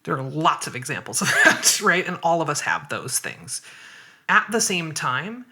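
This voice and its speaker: A woman's voice: low-pitched, expressive, normal speed, gravelly, sharp tone, breathy edge. A woman guest on a podcast interview, explaining her views thoughtfully and step by step. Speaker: guest writer and activist.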